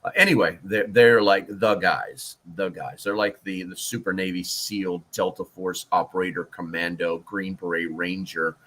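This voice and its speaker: A lowish-voiced man chatting casually on a livestream, rambling and jokey. He stumbles through fillers and restarts as he reads out the chat. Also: fairly even intonation, moderate pace, few pauses, fairly bright tone. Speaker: prepper livestream host.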